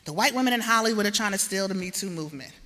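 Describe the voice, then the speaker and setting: A woman giving a speech at a gala, lively and laughing as she coaxes the crowd. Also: medium pitch, racing. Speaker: award presenter and gala speaker. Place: large event hall with a crowd. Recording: echoey hall with crowd murmur.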